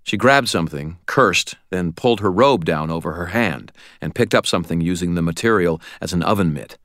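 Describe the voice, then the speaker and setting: A man narrating an audiobook in a wry, expressive storytelling manner. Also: low voice, a little fast, no echo, clean studio sound.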